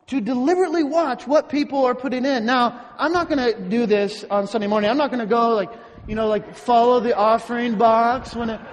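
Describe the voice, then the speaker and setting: Male pastor with a very high voice, preaching slowly and deliberately, long hall reverb. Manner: slow, deliberate preaching with rhetorical questions. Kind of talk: sermon.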